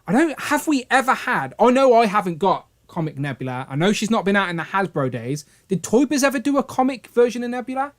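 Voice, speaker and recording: Man, livestream host, casual chat, jokey, slightly high voice. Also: big pitch swings, quick pace, hardly any pauses. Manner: chatty, jokey, reads out chat comments.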